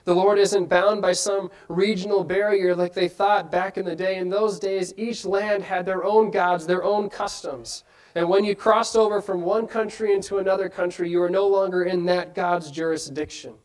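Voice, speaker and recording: Male preacher with a high voice, earnest sermon delivery, keeps posing questions to the congregation. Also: fairly even intonation, normal speed, low-quality recording. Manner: earnest, asks many rhetorical questions.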